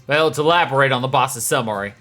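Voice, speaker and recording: Male game researcher, put-on Southern twang, bright tone, read aloud by a man streaming. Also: medium pitch, fast talker, soft background music, natural voice. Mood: explaining. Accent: put-on American Southern twang. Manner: reading game dialogue aloud in a drawl.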